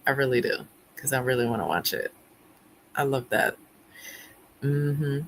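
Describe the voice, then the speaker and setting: A woman's voice: rumbling low, animated, measured pace, a little hiss or hum, rough recording. A young woman hosting a book club livestream, chatting casually and reading viewer comments, her voice still not fully back after laryngitis. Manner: chatty, laughs often, acts out quotes.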